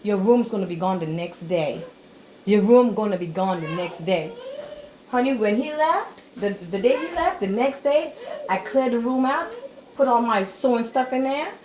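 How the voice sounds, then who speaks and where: An older woman in her kitchen telling family stories in a casual chat, animated and acting out what people said. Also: a little high, normal speed, reverberant, a little hiss or hum, poor audio. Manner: animated, acts out quoted dialogue in raised voice. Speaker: step-mother giving life advice. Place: home kitchen.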